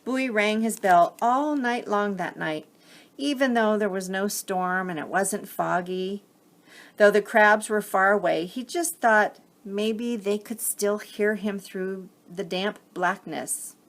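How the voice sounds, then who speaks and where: A woman gently and expressively reading a children's picture book aloud. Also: mid-range voice, takes it slowly. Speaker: storyteller.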